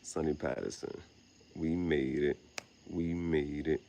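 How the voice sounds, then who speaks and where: A man's voice: a bass voice, fairly even intonation, slow pace, vocal fry, dark tone, slight background noise. A young man rambling casually outdoors at night, slangy and meandering, laughing at his own words. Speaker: vlogger. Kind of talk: rambling late-night monologue.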